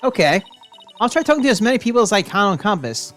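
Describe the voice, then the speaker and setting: A woman's voice: medium pitch, very animated, fast talker, faint music behind. A woman streamer reading a game's dialogue aloud on a livestream, voicing every character and laughing at her own strained voice.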